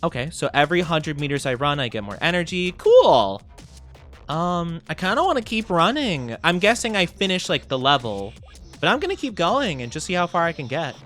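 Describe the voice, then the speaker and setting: A male VTuber streamer giving casual live gameplay commentary, bubbly and excitable, giggly and rambling with lots of fillers. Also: on the high side, moderate pace, soft background music.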